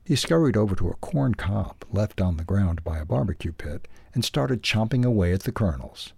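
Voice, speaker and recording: A man with a low, gravelly voice reads a children's story aloud in a calm, even way. His tone is dark and a little husky. The recording is close and dry. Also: normal speed, dry recording. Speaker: newsletter audio reader. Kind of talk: storybook narration.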